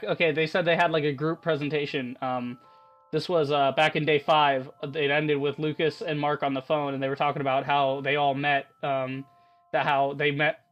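A man hosting a let's-play, rambling and excitable in his game commentary, laughing often as he talks. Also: fairly high pitch, highs cut off.

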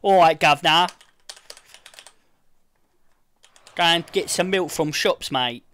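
A man putting on an exaggerated, overdone parody of a cheeky British bloke, pitched up and loud. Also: moderate pace. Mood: mocking.

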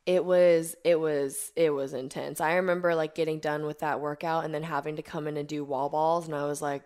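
A woman's voice: low-pitched, normal speed, few pauses, clean tone. A young woman, a guest on a podcast, telling stories in casual chat full of "like" and acting out her own past lines. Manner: animated storyteller who acts out her own quotes, many fillers. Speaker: podcast guest, competitive athlete.

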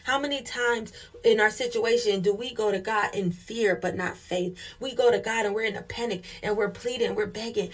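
Husky-voiced woman preaching fervently. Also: on the high side, a little fast. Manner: fervent call-and-response preaching. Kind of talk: sermon.

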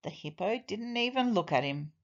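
A woman teacher reading a children's storybook aloud in an expressive, deliberate way. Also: medium pitch, lo-fi sound.

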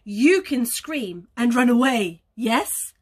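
A woman's voice: fairly high pitch, expressive, slow pace, husky, full character voice. A woman voicing an enormous, grumpy male bear in a children's story, roaring and grumbling. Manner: shouted roars, grumbling.

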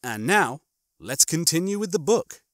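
A man hosting his channel, chatting warmly with listeners and then narrating a comic novel with enthusiasm. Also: fairly high pitch, a little slow, dry recording, studio quality. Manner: enthusiastic, animated reading. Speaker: audiobook reader and channel host.

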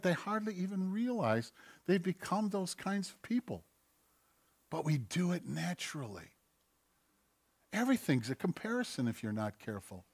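A man preaching from the pulpit of a church, his voice pitched a little higher than most men's. He delivers an animated sermon, firing off rhetorical questions and slipping into acted-out voices to make his points. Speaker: pastor. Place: church sanctuary.

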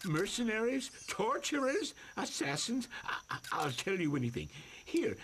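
A man's voice: high voice, huge pitch swings, normal speed, a bit bright, a little hiss or hum, full character voice. An actor voicing a terrified male alien who stammers and begs not to be hurt. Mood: terrified pleading. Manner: stammering, begging.

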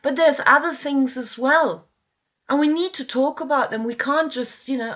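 A woman with a high voice delivers a frustrated, pleading rant to her viewers from home. She swears freely and keeps pressing her audience to listen. The recording sounds dull and lo-fi. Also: normal speed, fairly bright tone. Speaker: video blogger. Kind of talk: impassioned ranting monologue. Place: at home with dogs nearby.

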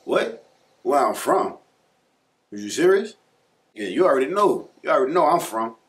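A man playing a brash New Orleans man who shows off his accent away from home, loud and boastful, greeting everyone. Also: mid-range voice, very animated, moderate pace, natural voice. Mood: flirty boastful.

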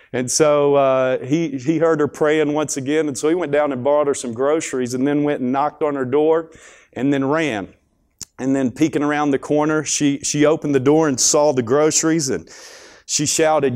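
A man's voice: a little high, steady tone, moderate pace, darkish tone. A man preaching a sermon at a school chapel in a folksy, conversational storytelling manner.

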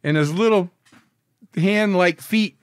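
A man's voice: sits high, slow pace, clear, resonant tone, dry recording. Guy spinning crazy stories on a podcast, cusses a lot, dry room. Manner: profane, animated storyteller. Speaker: interview guest. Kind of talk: storytelling in casual chat.

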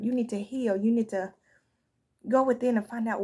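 A woman's voice: a little high, normal speed, a little mellow, breathy edge. A woman giving a casual spoken tarot reading, talking frankly and conversationally and often asking "you know what I'm saying.". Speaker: tarot reader.

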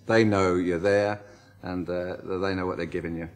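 A man's voice: sits low, steady tone, normal speed. An English man, a press photographer guest on a chat show, speaking in a cheerful, plain-spoken way.

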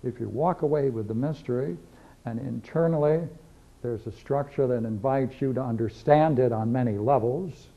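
A man with a mid-range voice speaks at normal speed, teaching a philosophy class. He lectures emphatically, repeating key phrases while reading and discussing scripture. The audio has the dull, lo-fi quality of old videotape.

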